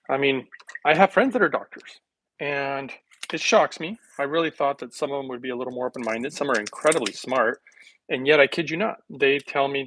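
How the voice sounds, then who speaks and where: A man of middle pitch hosts a live health podcast in a chatty, rambling style. He tells stories, quotes other people and laughs as he goes, and a faint hiss sits behind his voice. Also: a bit bright, poor audio. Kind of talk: casual live podcast monologue.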